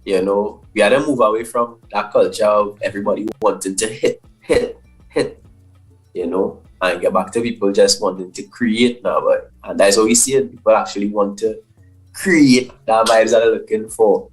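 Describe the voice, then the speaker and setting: Brief: low-voiced man, radio co-host, reflective and musing. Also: fairly even intonation, moderate pace, faint music behind, low-quality recording. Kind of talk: live radio chat.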